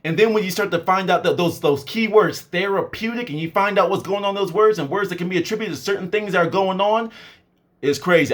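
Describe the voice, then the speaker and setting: A man hosting his own channel, reading a law aloud and breaking off into animated, conspiratorial asides full of fillers, his voice tired from the reading. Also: sits high. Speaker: channel host.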